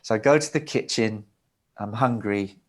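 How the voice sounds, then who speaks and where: A man's voice: on the low side, normal speed. Rambling middle-aged male storyteller. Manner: rambling, vivid storytelling with acted-out quotes. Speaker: guest, record producer. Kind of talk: animated anecdote in a sit-down interview.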